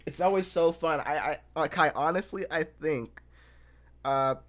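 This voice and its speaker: A young man hosting a casual chat, halting and full of fillers and restarts. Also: fairly high pitch, fairly bright tone. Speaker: host.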